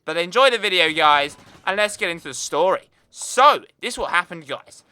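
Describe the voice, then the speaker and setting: Chatty young British man, bright voice. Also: high voice, expressive, moderate pace, clear, resonant tone. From United Kingdom. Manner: chatty, rambling, lots of fillers. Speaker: gaming YouTuber. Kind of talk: casual storytelling over gameplay.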